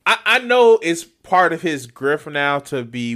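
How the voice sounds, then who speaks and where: A man's voice: a little high, sing-song, a little slow, pushed and bright. A man streaming live, reacting to a clip with incredulous commentary, stammering, swearing and restarting his sentences.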